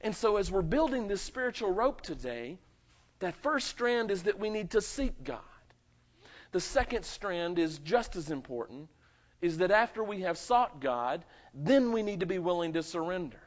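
A male pastor delivering a sermon, his fairly high voice rising to loud emphatic peaks and dropping to hushed asides. The recording sounds dull and muffled. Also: moderate pace. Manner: animated preaching with dramatic swings in pitch and volume.

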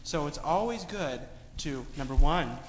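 A man's voice: on the high side, a little slow. A man telling a moral story to children in a sermon, asking them lots of questions. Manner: asks children many questions, animated storytelling. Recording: echoey hall, dull sound, faint noise.

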